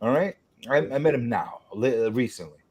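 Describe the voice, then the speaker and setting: A man's voice: mid-range voice, expressive, normal speed, darkish tone, husky. A man in casual chat, telling a heated story full of swearing and mocking re-enactments.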